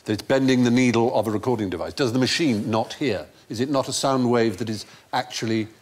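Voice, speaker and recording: A man's voice: medium pitch, fast. A man hosting a quiz panel show, erudite and playful. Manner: erudite, playful, laughs often.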